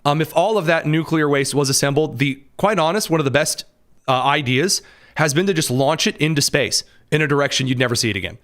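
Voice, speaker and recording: A man from the American Midwest hosting a podcast, talking in a casual, animated commentary style with sarcastic asides and frequent fillers. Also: fairly high pitch, fairly quick. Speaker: podcast host.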